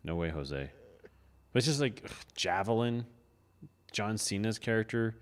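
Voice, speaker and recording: A man co-hosting a casual movie-review podcast, laid-back and quick to laugh. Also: on the low side, lively intonation, big-room sound. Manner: laid-back, laughs often, trailing asides. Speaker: podcast co-host.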